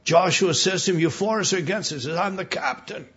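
A man's voice: sits high, quick pace, a bit bright. An American man preaching a sermon, emphatic, repeating himself and putting questions to his listeners. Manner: emphatic, repeats words, asks the congregation questions. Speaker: pastor. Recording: dull lo-fi recording.

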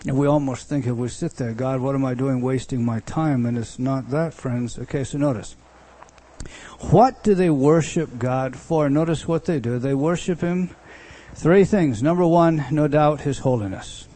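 A man's voice: fairly high pitch, unhurried, dark tone. A man preaching in a conversational teaching style, often restarting phrases and pressing words for emphasis. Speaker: pastor teaching a Bible study. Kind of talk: expository sermon teaching.

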